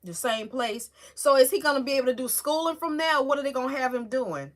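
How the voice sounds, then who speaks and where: A woman's voice: high voice, animated, fast talker. A woman hosting a casual livestream, chatting with viewers, greeting them by name and talking with feeling. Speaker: livestream host. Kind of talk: casual live-stream chat with viewers.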